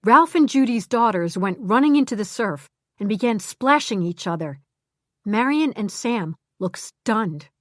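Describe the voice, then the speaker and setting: A woman reading a mystery audiobook, giving clear, even narration. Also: on the high side, a little slow, no echo, clean studio sound. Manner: clear, even storytelling with character voices.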